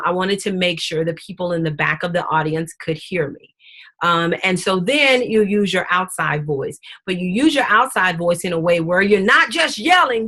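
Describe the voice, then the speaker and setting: A woman teaching a webinar class on public speaking, emphatic and lively, playing her pitch and pauses to drive home each point. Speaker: speaking coach.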